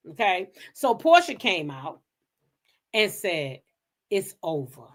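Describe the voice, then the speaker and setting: A woman's voice: on the low side, sing-song, measured pace, a bit bright. Gossip host, woman; profane, sassy, heated unscripted commentary.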